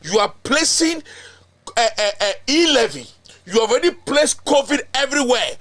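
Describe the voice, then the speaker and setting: Fiery Ghanaian man, high bright voice. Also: big pitch swings, normal speed. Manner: indignant, emphatic, mixes in local-language chants and repetition. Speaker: political commentary show host. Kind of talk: fiery political commentary.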